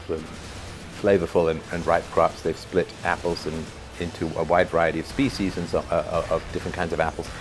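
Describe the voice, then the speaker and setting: A low-voiced man rambles through his thoughts in a relaxed, conversational way, tagging his points with "right?" and chuckling now and then. Soft music plays quietly under his voice. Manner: conversational and musing, with many fillers and rhetorical "right?". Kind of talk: unscripted spoken commentary.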